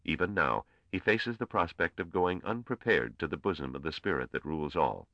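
A man reading an audiobook voices a male trader who pleads in a quiet, careful, formal way. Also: deep voice, expressive, fairly quick, vocal fry, no echo, muffled recording, pitched above the performer's own voice, heavily acted. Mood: pleading. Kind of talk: audiobook character voice.

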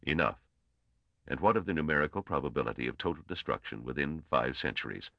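A man voicing a shrewd, brisk old male mathematician who speaks in clipped, testing commands. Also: rumbling low, expressive, creaky, sharp tone, no echo, dull audio, heavily acted. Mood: demanding.

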